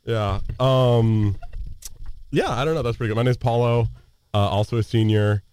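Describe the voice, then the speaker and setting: A man's voice: medium pitch, moderate pace, a little mellow, clean tone, dry recording. A man in his twenties from Colorado co-hosting a student radio show, laid-back and teasing. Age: 20s. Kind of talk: casual chat.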